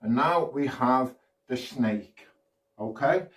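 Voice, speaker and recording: A man from the UK performs a magic routine for kids, with slow, playful patter and counting along. He sounds set back from the microphone in an echoey room. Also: medium pitch, far from the mic.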